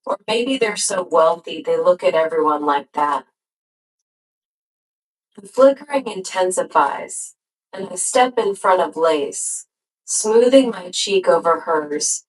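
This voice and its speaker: A woman with a lowish voice narrates a novel in the first person. She reads slowly and deliberately and lets each phrase settle before the next. The delivery is a steady audiobook read. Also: poor audio. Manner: measured, unhurried storytelling.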